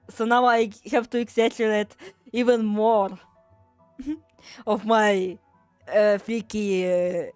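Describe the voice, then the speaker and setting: A woman's voice: medium pitch, darkish tone, clean tone, dry recording. A woman streaming a game, chatting casually in rambling talk with many fillers and frequent swearing.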